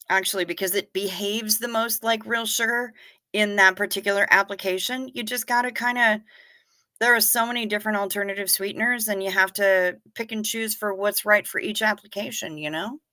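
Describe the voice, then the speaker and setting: Chatty livestream host, woman, bright tone, close and dry. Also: mid-range voice, dry recording. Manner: chatty, reacting to comments with quick asides. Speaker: livestream host reading chat. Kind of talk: casual chat.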